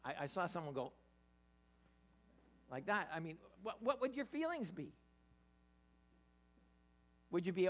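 A preacher giving an interactive Bible sermon, animated, often stammering and restarting while putting questions to the listeners. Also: medium pitch, measured pace, pauses often. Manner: animated, quizzes the audience.

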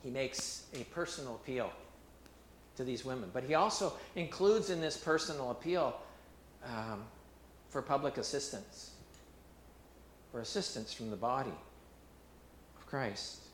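A man preaching a sermon as pastor, animated and emphatic, repeating himself and restarting phrases as he drives his points home. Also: medium pitch, measured pace, long pauses, roomy sound, a little hiss or hum.

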